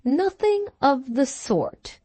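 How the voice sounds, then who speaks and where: A woman voicing a wealthy, composed lady who answers with calm, cutting words. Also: medium pitch, unhurried, no room sound. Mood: coolly defiant. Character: wealthy, cool, self-assured woman engaged to a young lord.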